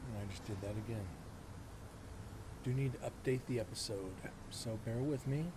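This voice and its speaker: A man's voice: mid-range voice, moderate pace. Self-mocking forty-something male stream host. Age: 40s. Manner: rambling, self-mocking, talks to chat directly. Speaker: host of a live-streamed paranormal show. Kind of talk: casual live-stream chat. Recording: steady background noise.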